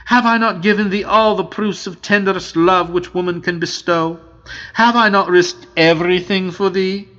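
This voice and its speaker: A man reading aloud voices a young countess who hides an affair, talking in a pleading hush. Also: high-pitched, fairly even intonation, moderate pace, dull audio, voice pushed up. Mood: anxious. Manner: pleading, hushed and breathless. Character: unfaithful young countess, anxious and tender.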